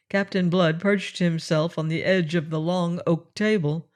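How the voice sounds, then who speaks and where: A man narrating a classic adventure novel in a measured, expressive storytelling manner. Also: on the high side. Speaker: audiobook narrator. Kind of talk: audiobook reading of a classic novel.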